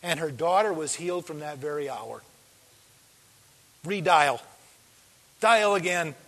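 High bright-voiced preacher in a hall. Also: male voice, a little slow. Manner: animated storytelling, acting out quoted voices. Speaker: pastor. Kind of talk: sermon. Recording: long hall reverb.

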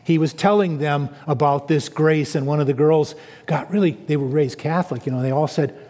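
A man preaching a sermon, animated and storytelling, rising to emphatic quotes. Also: fairly high pitch, a little fast, in a large hall.

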